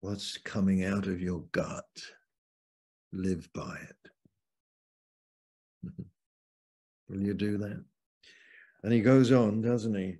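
A man preaching as a Bible teacher over a video call, slow and fervent, leaning hard on key words. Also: sits low, steady tone, warm tone, breathy edge.

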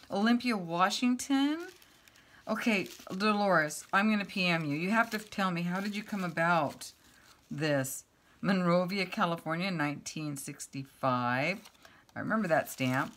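A woman's voice: on the low side, unhurried. A woman in her fifties chatting casually to camera as she opens fan mail, gushing and exclaiming over each item and reading them aloud as she goes. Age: 50s. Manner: reads items aloud, thinking out loud. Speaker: craft vlogger opening fan mail.

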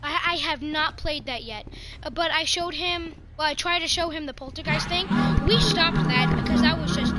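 A woman's voice: extremely high pitch, expressive, normal speed, over loud music. A young woman chatting casually while playing a horror game, jumpy and slangy, shrieking when scared. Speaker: gamer. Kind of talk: casual gaming chat.

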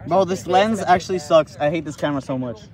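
A young man filming a soccer game from the sideline, chatting and joking in quick banter. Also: on the high side, crowd noise. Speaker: spectator filming. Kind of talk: casual chat. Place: outdoor soccer field sideline.

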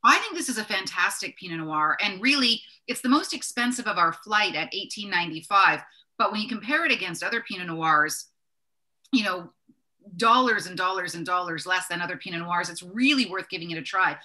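Speaking briskly with lively intonation, a woman whose sharp voice sits on the low side co-hosts a casual wine tasting. She chats eagerly about the labels, self-correcting along the way.

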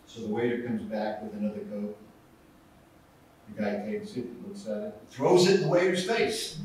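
A male pastor preaching a sermon, telling stories with animated, acted-out delivery. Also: mid-range voice, normal speed. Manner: storytelling with acted-out voices and rising intensity. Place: church sanctuary. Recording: echoey church sanctuary, from far off, faint noise.

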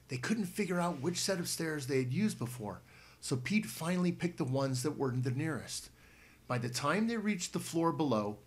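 A man reading a children's book aloud in a steady storytelling manner with small restarts. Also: a little high. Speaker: reader.

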